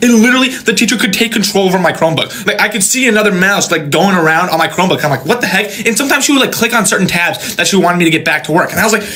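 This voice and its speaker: A young man in a casual rant to camera, talking fast and sounding exasperated. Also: high voice, animated, bright, forceful tone. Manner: exasperated, quick ranting delivery.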